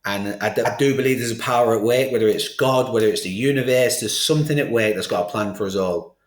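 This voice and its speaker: Speaking quickly at medium pitch, this middle-aged man is a podcast guest sharing his life story with candor. He gets animated and plays out the quoted exchanges he recalls, and the studio has a roomy echo.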